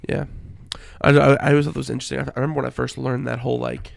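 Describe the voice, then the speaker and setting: A young man co-hosting a casual sports podcast, insistent and excitable as he tells a story. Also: medium pitch, very fast, creaky. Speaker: podcast co-host.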